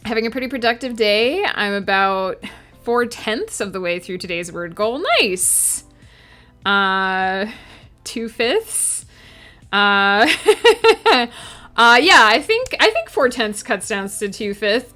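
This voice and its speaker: Woman streamer, giggly and chatty, bright lively voice, unhurried, faint music underneath. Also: on the high side. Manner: giggly, chatty, talks to viewers. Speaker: streamer and author. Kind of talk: casual livestream chat.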